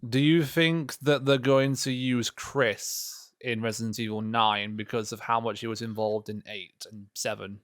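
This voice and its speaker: A man's voice: mid-range voice, steady tone, no echo, studio quality. A man co-hosting a gaming podcast, casually chiming in and asking the group questions. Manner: quick agreeing, asks questions. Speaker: podcast co-host.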